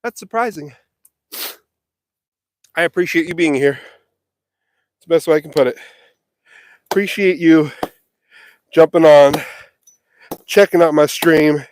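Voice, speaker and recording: Livestreaming on his phone while working a windy farm property, a man cracks self-mocking jokes as he works, sweaty and catching his breath. His fairly high, slightly mellow voice is unhurried with long pauses, there's slight background noise, and the phone is held or carried as he goes about his work in this casual live vlog.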